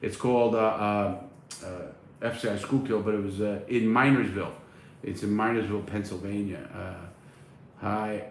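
Gruff-voiced man reading chat in echoey room. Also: lowish voice, steady tone. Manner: reads comments then answers off the cuff, with many "uh" pauses. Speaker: livestream host. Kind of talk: casual livestream chat, reading viewer questions aloud. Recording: roomy echo, faint background noise.

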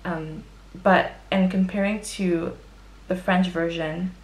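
A young woman chatting to camera about books she has read. Her voice sits a little low for a woman, and she talks in a loose, expressive way with quick, dramatic reactions. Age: young adult. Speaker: book vlogger. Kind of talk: casual book review monologue.

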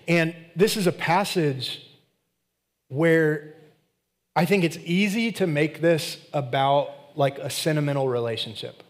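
A man's voice: a little high, unhurried. A man preaching a sermon as a pastor. He reads scripture and retells it in a casual, conversational way with slangy asides.

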